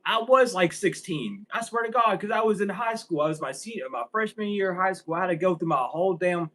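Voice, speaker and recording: A young man talks straight to camera in a loose, rambling monologue, cursing freely and breaking into laughter. His voice sits a touch high for a man. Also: expressive, brisk, a bit bright, rough recording. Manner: profane, rambling, laughs often. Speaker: vlogger. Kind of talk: casual storytelling monologue.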